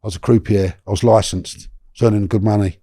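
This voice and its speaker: A middle-aged man, telling a long personal story in a chatty, animated way as a podcast guest. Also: fairly low pitch, fast, no room sound. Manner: animated, chatty, lots of restarts and slang.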